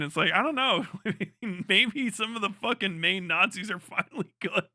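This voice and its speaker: A man's voice: high voice, normal speed, hardly any pauses, bright, forceful tone, no echo, studio quality. A young man from the United States ranting bluntly and profanely in casual live-stream commentary.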